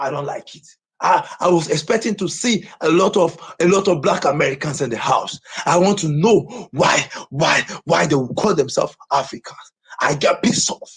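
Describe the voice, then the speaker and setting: A Nigerian man on a livestream rants in a high, husky voice, repeating himself again and again. His pitch leaps wildly up and down as he keeps going, agitated and loud in delivery. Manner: agitated, repeats phrases over and over. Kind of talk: ranting livestream chat.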